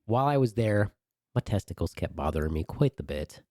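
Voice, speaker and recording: Low, mellow-voiced man telling a story. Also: a little fast, dry recording, studio quality. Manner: animated, crude humor. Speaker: podcast co-host. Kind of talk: casual storytelling.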